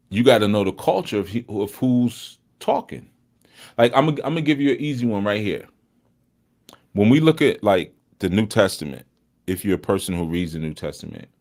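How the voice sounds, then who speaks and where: Deep-voiced man teaching casually. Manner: conversational, laughs often, swings between loud and hushed; teasing, joking with the chat. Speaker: spiritual teacher hosting a live study. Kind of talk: casual live-streamed study talk.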